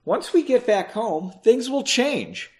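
A man's voice: extremely high pitch, very animated, slow, darkish tone, voice pushed up, heavily acted. A man voicing a frustrated young woman who argues in a raised, heated voice and then pleads with her lover. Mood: pleading.

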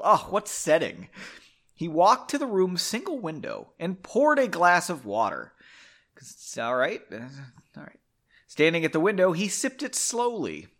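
Lively, swooping man reading aloud. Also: on the high side. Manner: chatty, irreverent asides, swears casually. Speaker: host reading his own book aloud. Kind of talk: book reading mixed with offhand commentary.

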